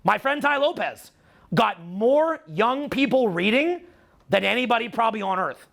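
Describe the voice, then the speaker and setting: Man, Canadian accent, middle-aged, seminar speaker, profane, teasing, bright, gravelly. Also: high-pitched, lively intonation, moderate pace. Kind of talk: live seminar talk.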